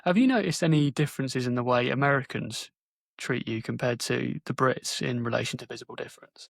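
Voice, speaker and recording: A man's voice: medium pitch, brisk, gravelly, fairly bright tone, dry recording, clean studio sound. A man hosting an interview podcast, direct and opinionated with a sardonic edge. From Britain. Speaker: podcast host.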